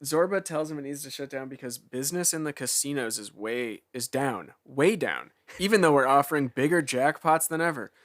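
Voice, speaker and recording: A man's voice: medium pitch, expressive, fairly quick, hardly any pauses, a bit bright. A man co-hosting a podcast in casual chat, making dry, sarcastic asides about the book. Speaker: podcast co-host.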